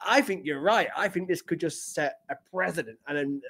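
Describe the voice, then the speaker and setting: A man's voice: fairly high pitch, fairly quick, a bit bright. A man hosting a casual sports podcast interview, enthusiastic and agreeable, often laughing. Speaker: podcast host.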